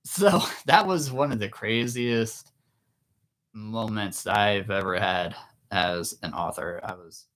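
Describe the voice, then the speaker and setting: A man, an author, telling a story in a casual, animated way with laughs. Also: fairly low pitch. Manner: animated, with many restarts and laughs. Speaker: author and vlogger.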